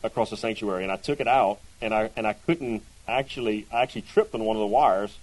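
A man's voice: lowish voice, quick pace, rough recording. A man teaching a Bible class in a chatty way, often asking his listeners questions and checking in with "right?". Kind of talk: conversational Bible lesson to a class.

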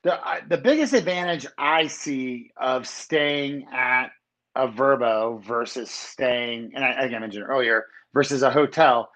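A man chatting casually as a podcast guest, animated and ranting, with a voice that jumps around in pitch. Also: measured pace. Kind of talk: casual chat.

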